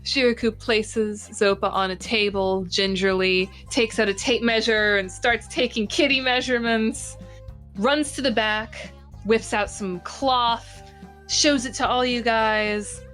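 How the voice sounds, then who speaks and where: A woman's voice: a little high, steady tone, unhurried, fairly bright tone, faint music behind. A woman narrating as game master in a tabletop game, playful and descriptive.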